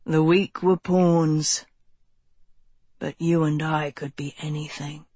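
A woman voicing a brooding, manipulative young man who preaches to a congregation, speaking low, intense and persuasive. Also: level tone, slow pace, no echo.

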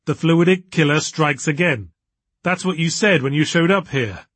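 A man's voice: on the high side, normal speed, fairly bright tone, no room sound, voice pushed up. Man doing a nervous young woman. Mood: anxious. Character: nervous young woman, anxious but determined.

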